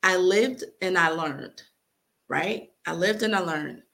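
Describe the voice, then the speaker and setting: Taking it slowly, a young adult woman reads a letter she wrote in a gravelly voice that sits on the low side yet has a fairly bright tone. She's earnest and heartfelt, near tears at points, in this emotional spoken-word reading.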